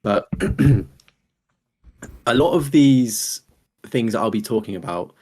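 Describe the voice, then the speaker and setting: A man's voice: on the low side, expressive, slow, a little mellow. A young man, co-hosting a casual podcast in a rambling, chatty way. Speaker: podcast co-host.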